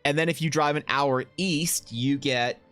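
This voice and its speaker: A man's voice: fairly high pitch, unhurried, faint music behind. A man in his thirties from Canada, rambling and swearing casually while chatting live with his stream viewers. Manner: rambling, profane, animated asides.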